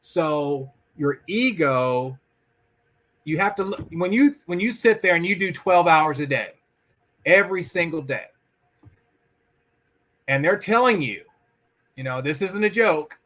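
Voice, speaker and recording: High, bright-voiced man speaking emphatically. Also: animated, unhurried, long pauses. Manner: emphatic, acts out quoted voices. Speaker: podcast guest. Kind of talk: conversational interview.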